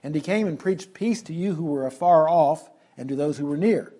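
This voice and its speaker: A man preaching an expository Bible lesson, slowing down to stress key phrases. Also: a little high, mellow.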